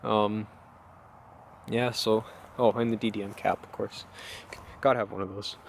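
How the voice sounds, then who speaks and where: A man's voice: fairly low pitch, steady tone, measured pace, vocal fry, a little hiss or hum. A man vlogging casually about his hobby car, rambling and enthusiastic, with lots of ums and uhs. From Canada. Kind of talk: casual show-and-tell vlog.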